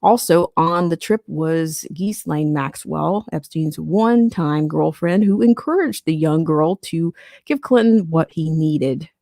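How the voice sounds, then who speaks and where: Reading a news story on her podcast, a woman with a low, mellow voice tosses in sarcastic comments between the quoted passages. The recording is studio quality and free of echo.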